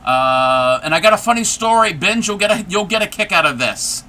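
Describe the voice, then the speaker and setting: A man's voice: sits high, lively intonation, moderate pace, pushed and bright, slight background noise. A man hosting a casual crochet livestream, rambling and chatty, laughing often as he talks. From United States. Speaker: livestream host.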